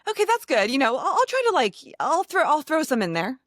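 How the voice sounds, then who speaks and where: Woman podcast host, bubbly and chatty, lively pitch, dry close sound. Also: a little fast, no room sound. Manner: bubbly, chatty, many fillers. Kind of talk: casual chat.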